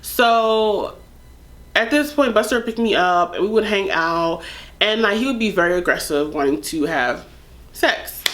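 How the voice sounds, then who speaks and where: A young woman vlogger telling a personal story in a candid, animated, chatty way, full of fillers. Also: medium pitch, unhurried. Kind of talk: casual storytime.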